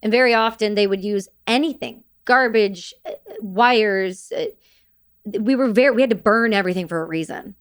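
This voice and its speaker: A woman, a military veteran and podcast guest, recounting war memories in a halting way, with restarts and blunt swearing. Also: mid-range voice, smooth.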